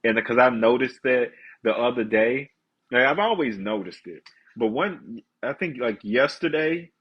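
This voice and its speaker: A man's voice: mid-range voice, animated, unhurried, husky, highs cut off. A man with a congested voice, chatting candidly and ranting to viewers on a casual live stream.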